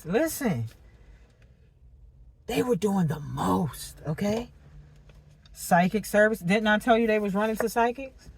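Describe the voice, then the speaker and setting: A woman doing a casual tarot reading monologue, animated and slangy, laughing and cursing as she talks. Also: mid-range voice. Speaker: tarot reader.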